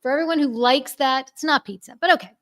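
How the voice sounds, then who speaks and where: A woman from New York hosting a casual panel chat over a video call, enthusiastic and full of quick asides. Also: high voice, a bit bright.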